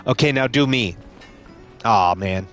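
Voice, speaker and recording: A man's voice: mid-range voice, unhurried, a bit bright. A man casually commenting on a game he streams live, joking and swearing, with game music behind.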